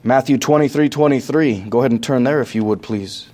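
A man preaching a sermon from scripture, talking through it in a loose, conversational way with restarts, then building to loud, impassioned passages. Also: medium pitch, fairly quick. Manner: conversational asides with many restarts.

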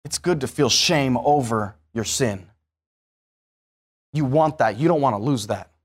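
Delivering a sermon, a man of medium pitch with a slightly rough voice recounts something from his own life. He alternates between hushed, unhurried moments and rapid, loud, climbing bursts.

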